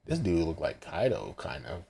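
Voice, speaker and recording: A man's voice: sits low, sing-song, moderate pace, gravelly, dark tone, slightly rough. A man casually recapping a manga chapter as he reacts live, hesitant and full of ums and self-corrections.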